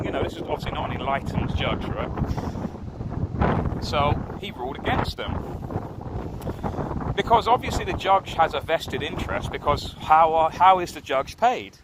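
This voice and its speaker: A man's voice: a little high, lively intonation, normal speed, long pauses. A man, rambling and ranting as he livestreams outdoors on a city street. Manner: ranting, rambling, repeats himself. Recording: wind noise and traffic outdoors.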